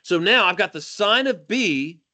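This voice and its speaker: A man teaching math to a class, animated and jokey, calling on students by name. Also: high voice, unhurried. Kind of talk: classroom lecture.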